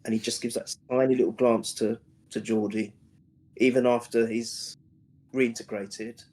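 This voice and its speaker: A man co-hosting a casual discussion stream, talking eagerly with a husky voice and often repeating words as he starts over. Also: mid-range voice, level tone, normal speed, darkish tone. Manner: enthusiastic, repeats words as he restarts.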